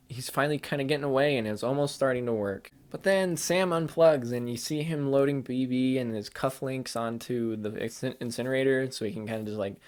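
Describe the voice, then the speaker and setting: A man hosting a gaming channel, rambling excitedly through a casual spoiler chat with lots of "like" and "kinda". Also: medium pitch. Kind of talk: casual spoiler chat about a video game.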